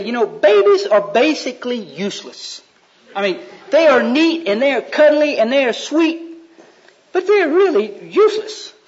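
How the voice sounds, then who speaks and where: A man preaching a sermon in a folksy, joking way, acting out voices as he retells stories. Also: high-pitched. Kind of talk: sermon with storytelling. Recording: dull lo-fi sound.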